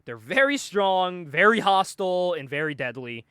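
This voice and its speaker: Animated high-voiced man chatting comics. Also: normal speed, clear, resonant tone, no room sound, studio quality. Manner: animated, laughs often, acts out comic lines in voices. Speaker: podcast co-host. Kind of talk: casual comic book chat.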